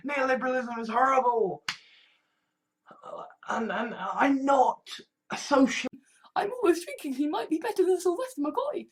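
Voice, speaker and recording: A woman's voice: sits high, very animated, normal speed. Swearing, exasperated woman vlogger. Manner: profane, exasperated, rambling. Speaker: YouTube vlogger. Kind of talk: casual vlog monologue.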